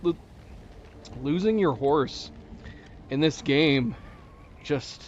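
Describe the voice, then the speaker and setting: Emotional, halting man narrating a game. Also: fairly high pitch, lively intonation, highs cut off, a little hiss or hum. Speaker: gaming channel host. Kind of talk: emotional let's play commentary.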